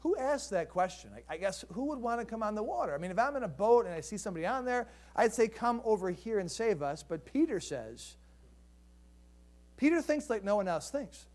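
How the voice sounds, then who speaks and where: Pastor guy with a high voice, chatty sermon, lots of "right?" questions to the congregation. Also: very animated, a little fast, darkish tone. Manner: conversational, asks the congregation rhetorical questions.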